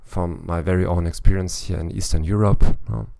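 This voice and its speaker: A man with a very low voice and a gravelly fry delivers a podcast lesson for language learners. He thinks aloud as he goes and keeps tossing in small tag questions to check that the listener is following. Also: steady tone, brisk, mellow. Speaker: language coach. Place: lives in Eastern Europe.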